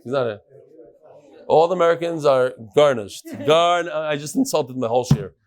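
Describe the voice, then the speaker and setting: A man teaching a daily Talmud class to a live audience in a study hall, lively and joking, with Hebrew and Aramaic terms in his English. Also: on the high side, moderate pace.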